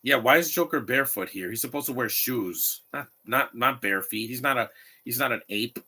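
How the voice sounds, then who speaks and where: A man's voice: mid-range voice, normal speed, sharp tone, breathy edge. A man giving live watch-along commentary on a movie, opinionated and rambling, often restarting his sentences.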